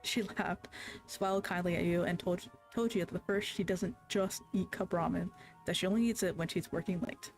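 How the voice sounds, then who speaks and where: A streamer with a medium-pitched voice reads a story game's narration aloud, measured and even, with small self-corrections. Faint music plays behind.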